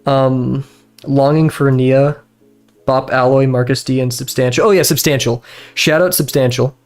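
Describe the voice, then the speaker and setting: A man's voice: medium pitch, steady tone, normal speed. Rambling young man chatting over faint music. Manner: rambling, easily distracted, many fillers and restarts, laughs often. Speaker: streamer. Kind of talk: casual chat while drawing. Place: bedroom at home.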